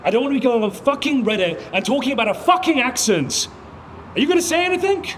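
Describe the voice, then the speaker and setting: A man's voice: very high-pitched, lively intonation, fast, fairly bright tone, slight background noise. A male caster lecturing a colleague, frustrated.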